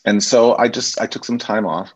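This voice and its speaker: Male actor guest, low and husky, lively storyteller, dull lo-fi sound. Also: normal speed. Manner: animated anecdotes, acts out quoted voices. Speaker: guest, stage actor and teacher. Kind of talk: casual interview storytelling.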